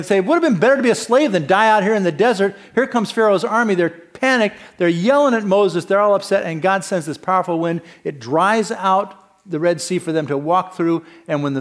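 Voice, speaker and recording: Man, senior pastor type, slightly raised pitch; chatty storytelling sermon, sinks soft and low for the heavy parts. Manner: conversational storytelling with fillers and restarts.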